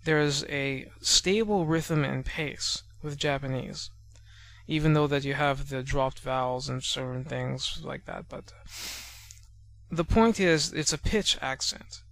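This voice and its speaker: Male lesson narrator, slightly high voice, patient and explanatory, slows down to sound out examples. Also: gravelly, fairly bright tone. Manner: measured and explanatory, spells out sounds slowly. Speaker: language teacher narrating a lesson.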